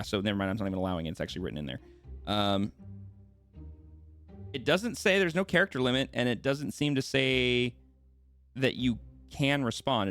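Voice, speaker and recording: A man's voice: medium pitch, a bit bright. A man acting as dungeon master, narrating scenes and ruling on spells in a self-deprecating, hesitant way full of fillers. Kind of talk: narrating and ruling a tabletop game.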